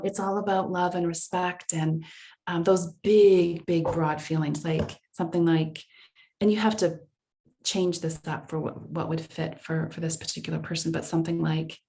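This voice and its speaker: Lower-voiced woman leading an online workshop. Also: fairly even intonation, measured pace, warm tone. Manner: conversational, answers audience chat comments aloud; frequent restarts and fillers while thinking aloud. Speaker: workshop presenter. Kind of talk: live online workshop presentation.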